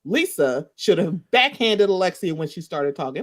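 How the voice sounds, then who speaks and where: A woman, a podcast guest in casual gossip chat, animated and often acting out quoted reactions with laughter. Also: mid-range voice, normal speed.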